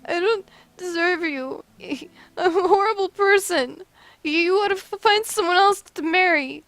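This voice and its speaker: A woman's voice: normal speed, a bit bright, no echo, faint music behind, close to an everyday voice. A woman voicing a remorseful young woman who breaks off her engagement, tearful and pleading, in a dramatic story reading. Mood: sobbing. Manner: tearful, pleading, high and strained.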